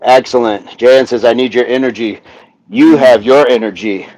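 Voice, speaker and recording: A man hosts a live workout stream, counting reps aloud in steady pairs and joking with viewers following along. His voice is mid-range at normal speed, with no echo but poor audio quality.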